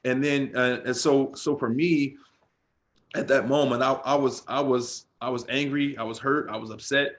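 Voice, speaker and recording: A man's voice: mid-range voice, steady tone, moderate pace. A middle-aged man, a former pro football player, tells stories in a loose, casual interview and keeps dropping "man" and "bro.".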